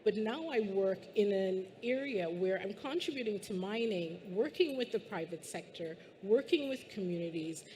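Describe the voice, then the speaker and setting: A woman's voice: mid-range voice, dark tone. A woman from Guyana speaking on a panel discussion and telling her story in a reflective, thoughtful way.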